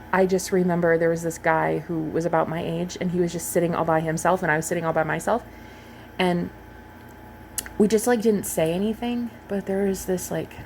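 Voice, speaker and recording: Poor audio with a faint hiss or hum carries the fairly low voice of a manifestation coach in her thirties. She speaks to her viewers directly and earnestly in a casual vlog about spiritual topics.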